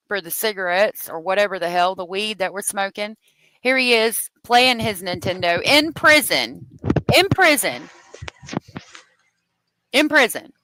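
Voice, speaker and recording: A woman with a mid-range voice and a sharp tone hosts a true crime livestream, heated and profane in her angry commentary while thanking viewers for their donations. The recording is rough, with no echo.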